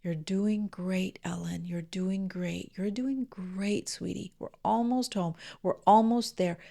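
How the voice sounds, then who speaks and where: Gentle older grandmother, hushed and half-whispered, with a gravelly edge to the low tones, as a woman puts her on. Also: fairly even intonation, slow pace. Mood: soothing. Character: gentle loving older grandmother soothing a child.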